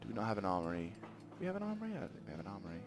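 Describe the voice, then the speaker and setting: A man's voice: low-pitched, huge pitch swings, racing, faint music behind. A man giving rambling let's play commentary at a desk mic, thinking aloud as he plays. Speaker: gaming channel host.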